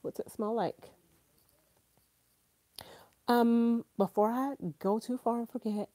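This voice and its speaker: A woman in her thirties hosting a live stream, gushing excitedly and chatting straight to her viewers. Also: medium pitch, normal speed.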